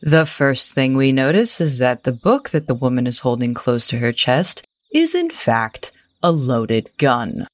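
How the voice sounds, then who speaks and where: A woman's voice: a bass voice, big pitch swings, a little slow, no room sound. A woman running a tabletop game, narrating scenes in detailed, cinematic description. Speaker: game master.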